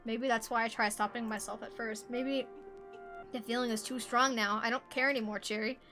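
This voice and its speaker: A woman voicing a shy, obsessive young woman confessing her love in a hushed, intense way while reading game dialogue aloud. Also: on the high side, fairly even intonation, moderate pace, music in the background, pitched below the performer's own voice, natural voice.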